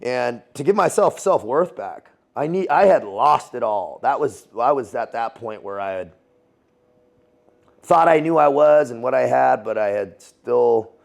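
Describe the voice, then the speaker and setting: In a gravelly mid-range voice, animated but at a measured pace, a man recounts a story as a guest in a relaxed interview. He's a former Navy SEAL and Foreign Legionnaire, and he laughs often while speaking in slang laced with curses.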